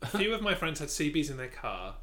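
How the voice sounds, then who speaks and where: A British man co-hosts a casual live stream and trades dry, teasing banter. His voice sits a little high and sounds bright. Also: sing-song, brisk.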